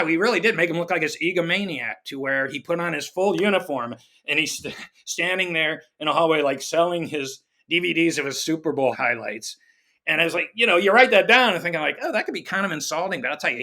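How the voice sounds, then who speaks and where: Man, middle-aged, gravelly, bright, animated storyteller, acts out quotes. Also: a little high, fast. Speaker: guest comedy writer. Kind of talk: conversational storytelling.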